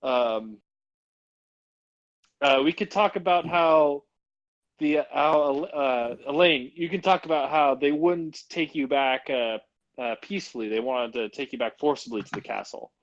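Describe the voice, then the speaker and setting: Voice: medium pitch, a little slow, muffled recording. A player in a tabletop game, chatting casually and rambling with many restarts. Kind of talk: casual chat.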